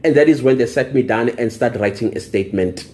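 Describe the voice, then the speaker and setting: Young male vlogger, fed-up, emphatic, repetitive rant; mellow, dark tone, mid pitch. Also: fairly quick, slight background noise. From South Africa. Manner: indignant, emphatic, repeats phrases for emphasis. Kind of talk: angry personal vlog rant.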